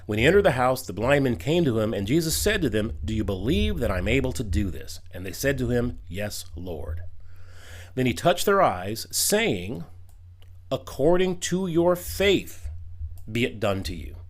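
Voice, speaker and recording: A man's voice: mid-range voice, very animated, normal speed. A man reading Bible verses aloud and commenting on them in a video critique, emphatic, with casual asides.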